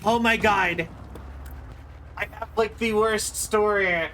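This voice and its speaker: High, bright-voiced male streamer rambling. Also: fairly even intonation, slow, a little hiss or hum. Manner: rambling, stammering restarts; self-deprecating storyteller. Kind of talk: casual chat while gaming.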